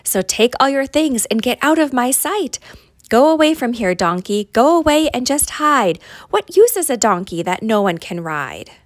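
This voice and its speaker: A woman's voice: mid-range voice, huge pitch swings, normal speed, hardly any pauses, dry recording, studio quality, pitched below the performer's own voice. A woman voicing a mean, tough man who owns a donkey, scolding in a huffy way.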